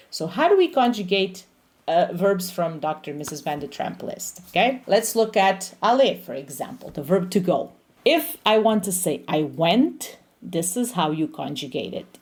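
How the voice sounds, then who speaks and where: A woman's voice: lowish voice, a little mellow. A woman teaching a lesson, explaining grammar rules step by step, stressing each example word with a lift and often checking in with a questioning "okay?". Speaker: French teacher.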